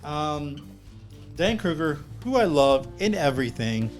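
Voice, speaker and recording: A man co-hosting a movie review podcast, chatting in a joking, relaxed way with plenty of "uh"s. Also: a little high, unhurried, faint music behind. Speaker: podcast co-host, film reviewer.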